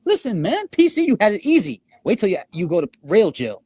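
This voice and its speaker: This is a man, co-hosting a livestream, scornful and profane. His voice is husky, and his pitch swings widely. He talks quickly. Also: wildly swooping pitch, darkish tone, no echo. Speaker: podcast co-host. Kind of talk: heated livestream rant.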